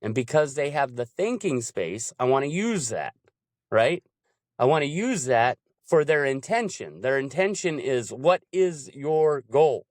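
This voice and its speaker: A man talks animatedly about coaching in a casual chat. His voice sits at a middle pitch, and he keeps jumping into quick impressions to act out examples. The sound is close and dry, with no room around it. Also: sing-song, no echo.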